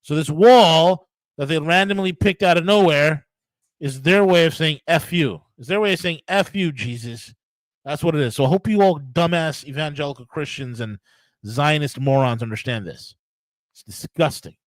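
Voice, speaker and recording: A man's voice: on the high side, normal speed, dry recording, rough recording. American guy ranting mad on his own show, swears a lot, stumbles and repeats, dry close sound. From United States. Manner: angry, profane, emphatic ranting with many restarts. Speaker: podcast host. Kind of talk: solo political rant.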